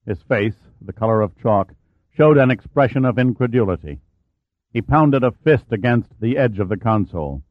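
Guy reading an audiobook, steady and dramatic, sounds like a phone line, dry. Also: lowish voice, moderate pace, no echo. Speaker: narrator. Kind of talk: scripted audiobook narration.

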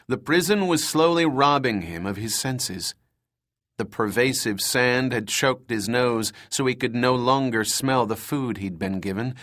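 A man narrating a dark thriller audiobook in a measured, dramatic reading style. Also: medium pitch. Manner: slow, measured, dramatic reading with voiced dialogue.

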